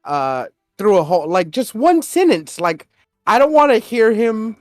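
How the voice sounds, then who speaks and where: A young man co-hosting a podcast, excitedly retelling a movie trailer in casual, swear-laden chat. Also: high-pitched, measured pace, no room sound, clean studio sound, faint music behind. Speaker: podcast co-host.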